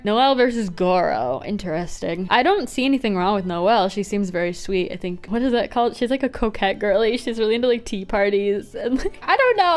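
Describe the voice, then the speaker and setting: Chatty young woman gaming host. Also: mid-range voice. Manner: chatty, frequent "like" fillers, laughs often. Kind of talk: casual gaming commentary. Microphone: studio microphone.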